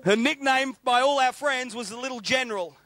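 A middle-aged man preaching with a very high, bright voice. He tells stories in an animated way and hammers home his points by repeating phrases. The sound is dry and close. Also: fairly quick, no echo. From England, raised in Australia. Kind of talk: sermon.

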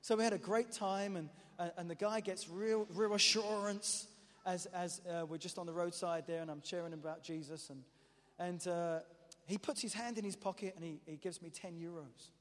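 A man preaching a testimony as an animated, self-mocking storyteller, often restarting his sentences. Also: high voice, moderate pace. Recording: echoey hall reverb.

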